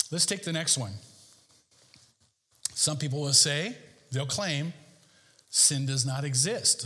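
A male pastor delivering a sermon in a church, preaching emphatically with sharp rises and drops in pitch. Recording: long hall reverb.

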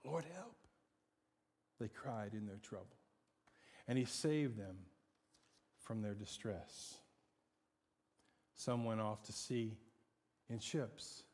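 Slow dramatic preacher in a hall. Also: male voice, fairly low pitch. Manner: dramatic, swings from loud to hushed. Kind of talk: sermon. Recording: long hall reverb.

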